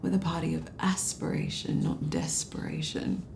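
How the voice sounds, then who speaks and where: An actress putting on a fake posh British accent to mock a pompous older male politician, breathy and hushed. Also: deep voice, steady tone, moderate pace, background noise.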